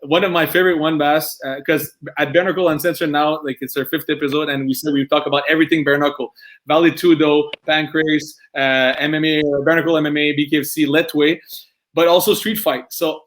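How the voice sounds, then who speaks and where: A man's voice: on the high side, level tone, brisk, fairly bright tone. A man hosting a casual fight talk show, asking long rambling questions full of fillers. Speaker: host. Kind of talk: casual interview chat.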